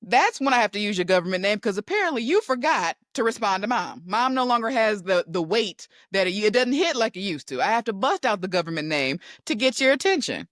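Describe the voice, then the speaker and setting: Lively animated woman host. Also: mid-range voice, brisk, few pauses, dry recording, studio quality. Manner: animated, playful teasing, acts out scenes in voices. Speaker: podcast host. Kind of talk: casual chat.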